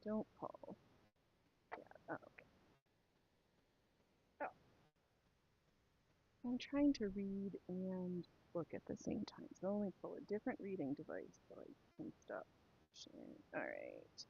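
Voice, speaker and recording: A woman's voice: mid-range voice, big pitch swings, measured pace, creaky, pauses often, highs cut off, a little hiss or hum. A woman chatting casually to her live stream while sewing, rambling and talking to herself and her pets.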